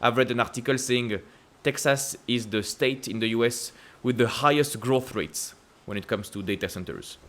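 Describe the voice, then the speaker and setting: A man with a French accent hosting casual stock-market commentary, asking emphatic rhetorical questions and jumping up in pitch to stress points. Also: moderate pace, hardly any pauses, fairly bright tone. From France. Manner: emphatic, repetitive rhetorical questions with sudden upward pitch leaps. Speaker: investing channel host.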